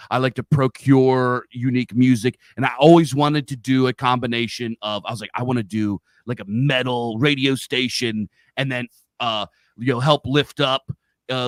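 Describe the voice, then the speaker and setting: A middle-aged man with a Pennsylvania accent rambles through his stories and swears freely. His voice sits at an everyday pitch. The mic sound is close and dry, with no room around it. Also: dry recording. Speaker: podcast host. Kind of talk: casual chat. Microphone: studio mic on a live stream.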